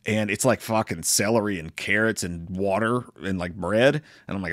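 A man's voice: fairly low pitch, normal speed, hardly any pauses. A young man giving a rambling, joking, profanity-filled movie review.

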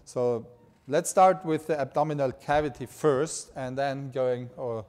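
A man's voice: mid-range voice, measured pace, darkish tone. Enthusiastic Styrian-accented male lecturer. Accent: Styrian Austrian. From Austria. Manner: enthusiastic, informal, joking. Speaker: anatomy lecturer. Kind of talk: live lecture.

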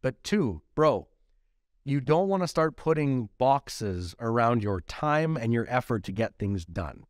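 A man's voice: medium pitch, very animated, a little slow, no echo, clean studio sound. A man co-hosting a podcast, giving blunt, profane motivational talk in a casual way. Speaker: podcast co-host.

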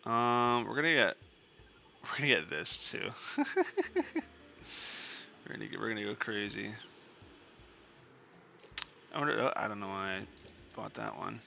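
A man's voice: lowish voice, a little slow, creaky, pauses often, pushed and bright, slight background noise. A young man giving casual, profane commentary over a game he is playing, rambling and ranting as he goes. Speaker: gaming streamer.

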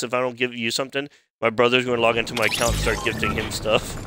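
A man's voice: medium pitch, fairly even intonation, fast talker, hardly any pauses. A young man streaming a game, chatting casually and profanely, telling stories with lots of laughter. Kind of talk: casual gaming chat. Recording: loud background noise.

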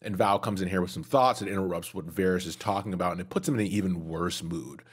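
A man's voice: sits low, fairly even intonation, fast talker, slightly rough. A man co-hosting a casual podcast, agreeably recapping a story. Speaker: podcast co-host. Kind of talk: casual lore discussion.

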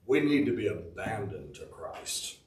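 A man's voice: low-pitched, big pitch swings, unhurried, reverberant, distant mic, rough recording. A man preaching a devotional sermon, reading scripture in old-fashioned Bible wording and explaining it.

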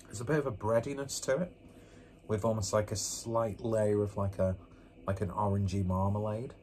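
A man's voice: fairly low pitch, fairly even intonation, normal speed, darkish tone, slight background noise. A man doing a casual beer review vlog, rambling along with joking, self-mocking asides, indoors with a fan running.

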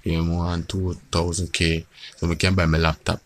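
A man chatting quietly to his phone camera, keeping his voice down. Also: low voice, level tone, normal speed. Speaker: vlogger. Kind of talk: casual chat to camera.

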